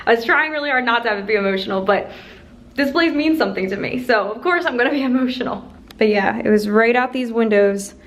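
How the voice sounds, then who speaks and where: A young woman from Pennsylvania talks casually to her camera, chatty and sentimental. Her pitch sits in a middle range for a woman, and she leans on "like" as she reflects. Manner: chatty, sentimental, often says "like". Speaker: vlogger. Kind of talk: casual heartfelt vlog talk. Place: empty apartment, indoors.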